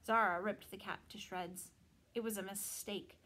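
A woman teacher reading a novel aloud to students in an expressive storytelling manner. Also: mid-range voice, a little slow, rough recording.

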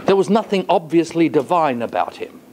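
A man lecturing in a college classroom, his fairly high voice rising and falling with lots of expression. He pauses often and keeps asking the room questions, with a faint hiss underneath. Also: very animated, darkish tone. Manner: asks the class rhetorical questions; thoughtful, with frequent hesitations.

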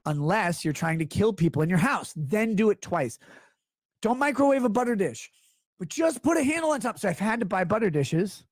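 Brief: male streamer, sarcastic profane rant, very animated pitch. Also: no room sound. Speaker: livestreamer reading chat. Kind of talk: ranting livestream monologue.

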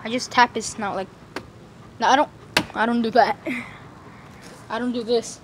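A woman's voice: on the high side, fairly even intonation, moderate pace. Rambling woman vlogging outdoors by traffic. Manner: rambling, slangy, lots of fillers. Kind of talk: casual rambling vlog. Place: outdoors in a yard near a road. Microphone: phone camera held facing self. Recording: outdoor phone recording with traffic noise. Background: street traffic and outdoor ambience.

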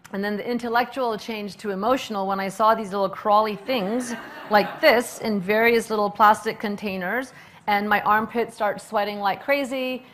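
Middle-aged woman speaker, animated storyteller, lots of ums, mid-range voice. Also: mid-range voice. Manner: animated, chatty, with many fillers and restarts. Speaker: restaurant owner and speaker. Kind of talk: storytelling public talk.

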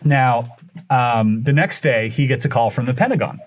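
A man who is a guest on a podcast, telling a story in animated fashion, acting out the dialogue and often restarting his sentences. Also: mid-range voice, moderate pace. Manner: acts out dialogue with shifting voices, frequent restarts.

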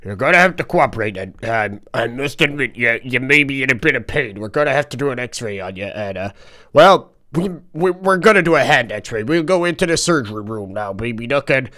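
Stammering dentist, voiced by a man, mid-pitched, hesitant, fillers throughout, game role-play. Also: lively intonation, fairly quick, bright, forceful tone. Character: hesitant adult male dentist. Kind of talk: Minecraft role-play voice acting.

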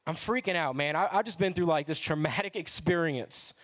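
A young man tells a testimony in a lively, slangy sermon. His voice sits a little high for a man, and he speaks easily, as if talking to friends from the stage. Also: brisk. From New Orleans, USA. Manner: casual, slangy, animated storytelling. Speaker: guest speaker.

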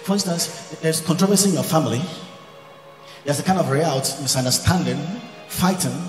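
A male pastor preaching a fiery sermon, quoting old-style scripture and at times shouting and speaking in tongues. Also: a little high, normal speed, soft background music. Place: large church event hall. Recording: echoey hall recording.

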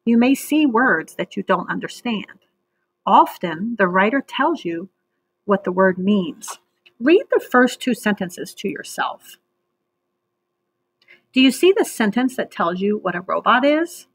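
A woman teacher leading an online reading lesson for children, speaking patiently and clearly and stretching out words so children can clap the syllables. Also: medium pitch, big pitch swings, unhurried, no echo.

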